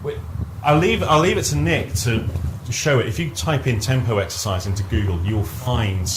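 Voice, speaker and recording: A man's voice: medium pitch, moderate pace, noisy background. A man leading a workshop, explaining ideas conversationally with stories and restarting his sentences. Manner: conversational, repeats words when restarting. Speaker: workshop trainer. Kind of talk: live teaching talk with anecdotes. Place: training room with a live group.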